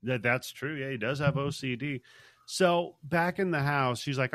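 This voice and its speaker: A man's voice: mid-range voice, moderate pace, a bit bright, no echo. A man co-hosting a crude comedic podcast who laughs often while recapping a movie plot. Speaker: podcast co-host.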